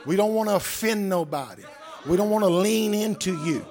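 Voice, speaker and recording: A male pastor preaching a sermon, swinging from low murmurs to shouts and calling out to the congregation. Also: lively intonation, moderate pace, a faint crowd. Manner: calls out to the congregation.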